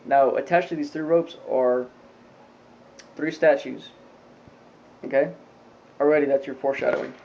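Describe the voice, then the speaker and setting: Guy rambling thru an episode recap, lots of ums, average pitch, bit of hiss in the background. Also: steady tone, normal speed, vocal fry, long pauses, darkish tone, lo-fi sound. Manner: rambling, filler-heavy retelling with loose quoted lines. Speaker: anime episode reviewer. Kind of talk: casual spoken recap.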